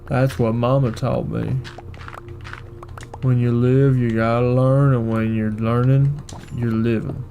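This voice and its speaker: Casting note: slow, simple, kindly Southern man with a mellow drawl, a man doing an impression. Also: medium pitch, little pitch movement, vocal fry, soft background music. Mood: folksy.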